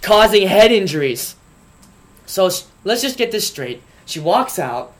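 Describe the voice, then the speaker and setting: High-voiced joking male co-host. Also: a little slow. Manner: animated, joking storyteller. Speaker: podcast co-host. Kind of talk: casual storytelling chat.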